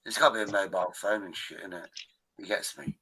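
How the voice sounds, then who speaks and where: A man's voice: sits low, fast, pushed and bright, slightly rough, poor audio. A man hosting a live stream, rambling in a casual, profane way. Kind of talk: casual chat.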